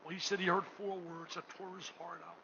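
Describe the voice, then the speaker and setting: An older man with a high voice gives an emotional fundraising speech at a gala. He swings between booming, near-shouted lines and hushed ones. The recording is muffled, with steady room noise behind him. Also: fairly quick, vocal fry. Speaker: gala host. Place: hotel ballroom.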